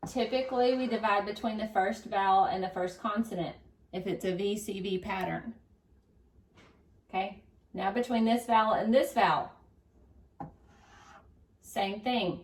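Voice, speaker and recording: A woman's voice: mid-range voice, unhurried, pauses often. A woman teaching a recorded phonics lesson to young children, upbeat and encouraging, stretching out syllables. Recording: echoey room, distant mic.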